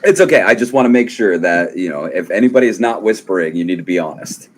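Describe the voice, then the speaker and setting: A man runs a tabletop game, calmly setting scenes and calling for rolls. His voice sits fairly low, and he talks in an easygoing, reassuring way. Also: fast talker, slight background noise. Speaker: game master.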